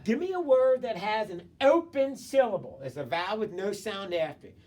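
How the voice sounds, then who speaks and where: A male teacher leads a phonics lesson by video, coaxing students to tap out sounds and read words fast. His encouraging, repetitive prompts carry across the room to a camera mic set some way off. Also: high-pitched, animated, darkish tone. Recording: voice distant from the mic.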